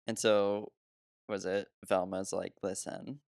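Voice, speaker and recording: Gravelly low-voiced man chatting about a movie. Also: normal speed, no echo, studio quality. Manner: laughs often, swears casually. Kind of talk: casual movie-review chat.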